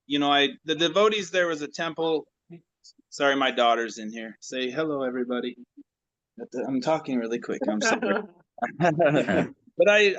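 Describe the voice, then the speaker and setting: Reflective man, halting delivery, dull video-call sound. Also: fairly high pitch, fairly bright tone. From United States. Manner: halting, reflective, many restarts. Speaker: class participant.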